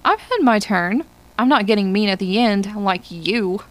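A woman voicing Lespierre, a worldly, contented male spaceman who speaks calmly and a little indignantly. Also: medium pitch, a little slow, natural voice. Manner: indignant, then settled.

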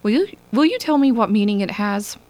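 A woman's voice: mid-range voice, lively intonation, fairly quick, a little mellow, lightly acted. A woman voicing a hesitant middle-aged male research director in an audiobook. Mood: pressing.

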